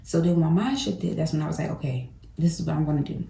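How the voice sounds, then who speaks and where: A woman's voice: low-pitched, fast, vocal fry, warm tone. A woman vlogger chatting straight to her viewers from her home kitchen. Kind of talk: casual talk to the camera. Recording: echoey room.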